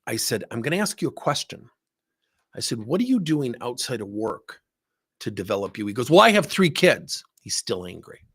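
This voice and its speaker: A man's voice: medium pitch, a little fast, breathy edge. A man giving a leadership talk, telling a story and acting out both sides of a conversation. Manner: animated storyteller acting out dialogue. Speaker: leadership speaker.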